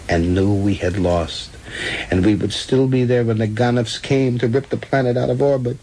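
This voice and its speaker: A man reading a comic story aloud with animated, comic timing. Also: medium pitch, poor audio.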